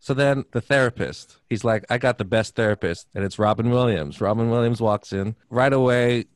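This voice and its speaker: A man's voice: mid-range voice, moderate pace, no room sound. A man casually retelling a film plot, acting out the characters' lines as he goes. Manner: animated retelling, acting out quotes. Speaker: movie recapper. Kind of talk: casual chat.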